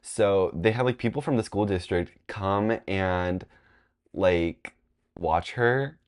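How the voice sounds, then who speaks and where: A man in his twenties telling a rambling, animated storytime vlog, full of "like" fillers. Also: low-pitched, takes it slowly, smooth. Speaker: vlogger. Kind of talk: casual storytime.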